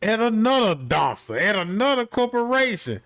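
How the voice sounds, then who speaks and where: A high-pitched man spins a long, profane comic tale about his job. He rambles and restarts, packs his talk with slang and fillers, and keeps his delivery lively. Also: normal speed. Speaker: comic storyteller.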